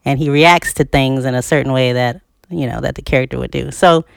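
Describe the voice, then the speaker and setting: A woman co-hosting a podcast, explaining her view in a calm, measured way. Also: very deep voice, gravelly, no echo, clean studio sound. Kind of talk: casual podcast chat.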